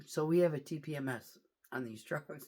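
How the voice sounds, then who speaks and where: A woman's voice: deep voice, normal speed, warm tone. A woman truck driver telling a story in a casual vlog, swearing freely and talking animatedly.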